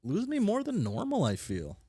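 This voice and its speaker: A man reading a webcomic aloud with commentary, halting and repeating words, muttering and correcting himself as he goes. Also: wildly swooping pitch, warm tone, slightly rough, no room sound, studio quality. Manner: mutters and self-corrects in a low voice. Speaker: read-along host.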